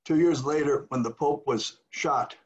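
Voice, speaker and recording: At a measured pace and a slightly high pitch, an older man who is a retired priest relates a story over a video call. He acts out the voices of the people in it. The sound is the dull, lo-fi kind a video call gives.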